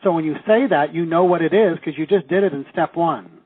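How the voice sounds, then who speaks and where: Seminar teacher, man from Canada, middle-aged; lively and quizzing, husky tone, phone-thin sound. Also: on the high side, brisk, dry recording. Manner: lively, asks the class questions, acts out quoted reactions. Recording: tinny phone-like audio.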